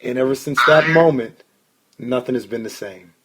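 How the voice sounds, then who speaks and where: A man hosting a casual sports podcast, an excitable storyteller who swears when he gets worked up. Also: mid-range voice, fast, husky. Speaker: podcast host.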